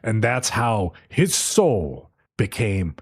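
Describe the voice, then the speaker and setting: Brief: male podcast co-host, casual plot recap, lively intonation. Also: on the low side, takes it slowly, husky. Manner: narrates the plot, acting out short character quotes.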